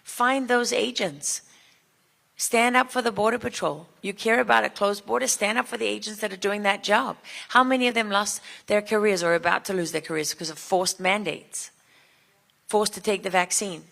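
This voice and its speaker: A woman's voice: mid-range voice, creaky, a bit bright. A woman giving an impassioned speech at a summit, firing rhetorical questions at the crowd. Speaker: speaker at a border summit.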